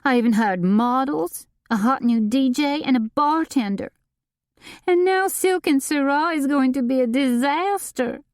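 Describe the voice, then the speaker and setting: A woman's voice: high voice, sing-song, measured pace, no room sound, clean studio sound, voice pushed up. A woman reading an audiobook and voicing a panicky, self-dramatizing society woman who wails and pleads. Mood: frantic pleading. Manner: wailing, pleading, melodramatic.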